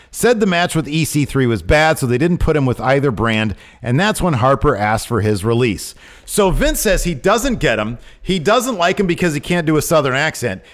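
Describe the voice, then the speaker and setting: A man co-hosting a podcast in casual chat. His pitch swings widely as he talks, climbing high whenever he gets worked up and outraged. His delivery is lively and emphatic. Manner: animated, rising to outraged emphasis. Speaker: podcast co-host. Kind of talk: casual wrestling news chat.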